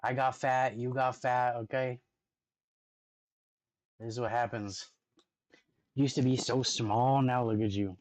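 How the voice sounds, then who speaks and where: A man's voice: mid-range voice, steady tone, slow pace, long pauses, a little mellow, no echo, rough recording. A man streaming and reacting to videos, talking loosely with lots of 'like' and 'dude'. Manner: loose slangy talk with constant 'like' and 'dude'; chatty, talks playfully to his dog. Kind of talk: casual reaction stream chat.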